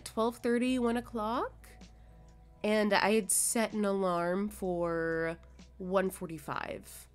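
A young adult woman streaming a game, chatting casually with her chat, reading and answering messages, swearing and laughing. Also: mid-range voice. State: sleepy, yawning.

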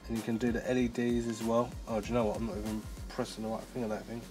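Excitable man demoing gadgets. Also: fairly low pitch, very fast, over music. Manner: excitable, chatty, thinks aloud. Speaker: tech reviewer. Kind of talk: casual product demo.

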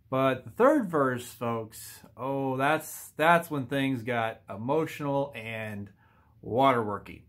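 A man in his thirties talking to his viewers in a casual, earnest vlog, halting often with fillers and restarts. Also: medium pitch, expressive, fairly bright tone. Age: 30s. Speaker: YouTuber. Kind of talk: casual heartfelt vlog talk.

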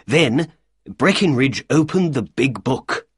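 A man narrating a storybook for learners in a slow, clear way. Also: mid-range voice, animated, dry recording, clean studio sound.

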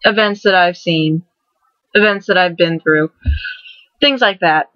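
A woman in her twenties hosting a casual vlog, rambling excitedly and restarting her words as she goes. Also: on the low side, measured pace, no echo. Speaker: vlogger host. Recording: dull lo-fi dry recording.

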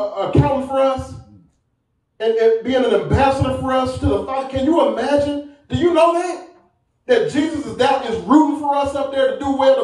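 A man preaching emphatically in a church, his high voice rising through the sermon. He stands well back from the mic, and the room rings with heavy echo. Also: a little mellow. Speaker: pastor. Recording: very echoey room, far from mic.

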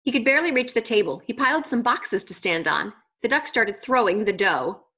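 A woman reading a children's picture book aloud, pausing for playful questions to young listeners. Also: fairly high pitch, lively intonation, bright, forceful tone, husky, lo-fi sound.

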